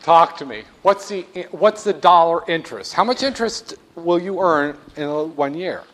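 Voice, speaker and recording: A man's voice: on the high side, expressive, normal speed, a bit bright. Wry, joking male finance lecturer. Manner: wry and joking, plays scenes out. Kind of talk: classroom lecture.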